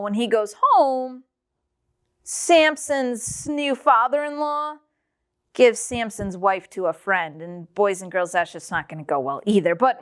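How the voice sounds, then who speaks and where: A woman teaching children's church, telling a Bible story in an animated way and speaking directly to the children. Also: a little high. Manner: animated, addresses the kids directly.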